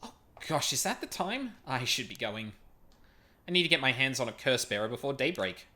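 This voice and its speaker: A man's voice: mid-range voice, big pitch swings, moderate pace, bright, forceful tone. A man voicing a giddy young female university student who gushes with breathless enthusiasm. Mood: chirpy. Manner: gushing, breathless enthusiasm in a raised voice.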